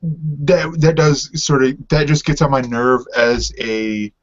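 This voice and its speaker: A man's voice: medium pitch, slow pace. A man co-hosting a casual podcast about TV, easygoing and full of hesitant fillers. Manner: hesitant, many ums, easygoing, laughs often. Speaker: podcast co-host. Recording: dull lo-fi sound.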